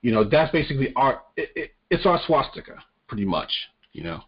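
Brisk and very animated at a medium pitch, this man co-hosts a casual podcast about the news, swearing bluntly and stammering through restarted sentences. There's background noise, and the recording is muffled and lo-fi.

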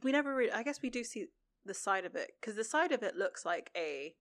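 A woman's voice: mid-range voice, big pitch swings, a little fast, a bit bright, no echo. A woman co-hosting a podcast, chatting in a rambling way about a TV episode. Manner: rambling, many fillers and restarts. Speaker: podcast co-host. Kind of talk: casual chat recapping a TV episode.

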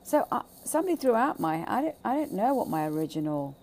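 A woman giving an impassioned, emphatic monologue, swearing freely, repeating phrases and swinging between loud bursts and hushed asides. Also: on the high side, very animated, fast talker. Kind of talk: impassioned monologue on childhood trauma.

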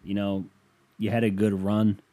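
Mellow-voiced man, profane and rambling. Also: lowish voice, little pitch movement, unhurried. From United States. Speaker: podcast host. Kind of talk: casual solo podcast chat, reading listener emails.

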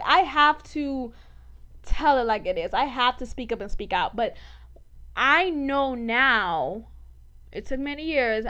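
A woman's voice: on the high side, pushed and bright. A woman hosting a faith podcast, talking candidly and with animation, often laughing and saying "like" a lot. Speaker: podcast host. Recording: dull lo-fi podcast audio.

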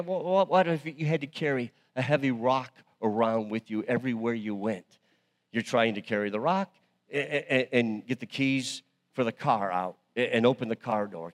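Male pastor preaching in a reverberant hall. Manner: swings from quiet and low to loud, emphatic rises; repeats phrases for emphasis, invites call-and-response. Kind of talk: sermon.

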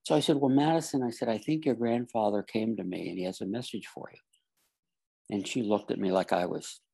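Gravelly, husky-voiced man telling a story. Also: lowish voice, a little fast, warm tone. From Florida. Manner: earnest storyteller, acts out quoted dialogue. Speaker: guest telling a personal story. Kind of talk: casual storytelling.

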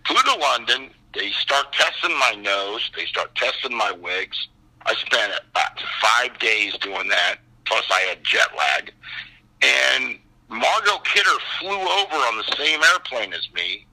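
A man in his sixties tells a story from his career in a husky, strikingly bright voice, his pitch swinging widely as he acts out the other people in it. He talks like a casual interview guest. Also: big pitch swings, measured pace, rough recording. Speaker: actor guest. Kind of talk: casual anecdote telling.

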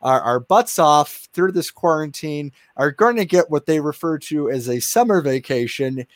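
A man's voice: a little high, expressive, moderate pace, no room sound. A man hosting a casual interview, chatty, with many fillers and restarts and frequent laughter. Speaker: interview host.

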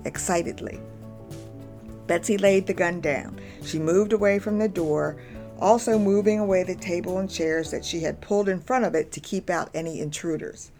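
A woman narrating a story aloud in a measured, even way. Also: fairly low pitch, soft background music.

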